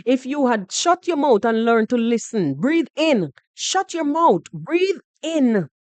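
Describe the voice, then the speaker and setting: A woman's voice: high-pitched, takes it slowly, no echo. A woman with a Jamaican accent hosting a podcast, giving heated reaction commentary with a mocking edge, slipping into patois and repeating herself as she argues. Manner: animated, mocking, switching into patois, repeating words. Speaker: podcast host reacting to other creators.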